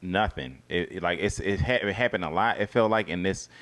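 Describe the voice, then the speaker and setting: A man co-hosting a casual TV review chat, talking loosely with restarts and drifting into a quiet murmur. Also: a little fast. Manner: conversational, restarts and trails off in a low murmur. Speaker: co-host of a reality TV review show.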